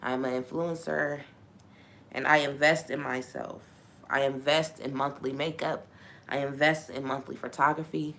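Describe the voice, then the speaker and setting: A woman's voice: very deep voice, flat delivery, normal speed, fairly bright tone. A woman hosting a faith talk on a live stream, venting frankly and swearing freely.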